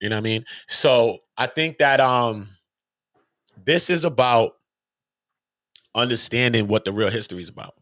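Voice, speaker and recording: A man vlogging in an animated, emphatic way, full of rhetorical questions and street slang, his voice rising loud and high, then dropping low and quiet. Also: moderate pace, long pauses, dry recording, studio quality. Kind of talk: casual talking-head commentary.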